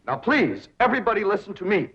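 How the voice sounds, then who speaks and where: A man's voice: high-pitched, sing-song, quick pace, a bit bright. An actor playing a pompous, lovestruck young man who speaks in grand, affected phrases, on dull old TV sound. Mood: grandiose. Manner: grandiose, theatrical, affected diction.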